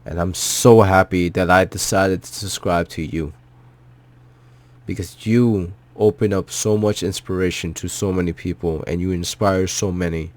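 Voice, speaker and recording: A man's voice: deep voice, fairly even intonation, moderate pace. Choked-up man gushing emotionally. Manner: heartfelt, repetitive, swearing. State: choked up, near tears. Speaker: vlogger. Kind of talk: emotional personal movie reaction.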